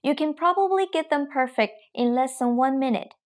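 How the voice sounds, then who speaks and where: A young adult woman teaching Mandarin pronunciation in a scripted lesson, speaking slowly and carefully, demonstrating sounds. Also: high-pitched.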